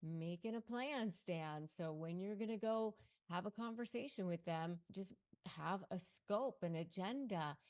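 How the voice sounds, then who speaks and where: A woman's voice: mid-range voice, measured pace, darkish tone. A middle-aged woman, a lawyer and coach, giving motivational advice straight to camera with emphatic, punchy repeated phrases.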